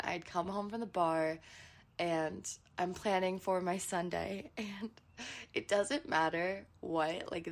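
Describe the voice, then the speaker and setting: A woman in her twenties with a groggy morning voice, hosting her solo podcast in a chatty, candid way with little giggles. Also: mid-range voice. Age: 20s. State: morning voice, not warmed up. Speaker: podcast host. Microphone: podcast microphone.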